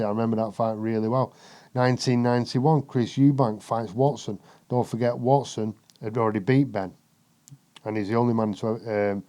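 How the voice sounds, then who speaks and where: A man swearing freely while telling animated stories as a boxing pundit in casual podcast chat. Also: mid-range voice. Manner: profane, animated storytelling.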